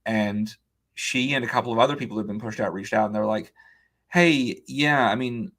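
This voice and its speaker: Talking quickly in a fairly low voice, this guest, an author and illustrator, spins a long anecdote on an interview podcast. He quotes other people's words with animation, and "like" and "um" pop up constantly.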